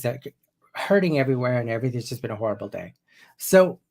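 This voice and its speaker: Hypnotherapist, 50s man, gravelly, chatty teaching tone, loose and rambling delivery. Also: medium pitch, a little mellow. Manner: conversational and loose, often restarting sentences. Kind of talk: casual spoken teaching to viewers.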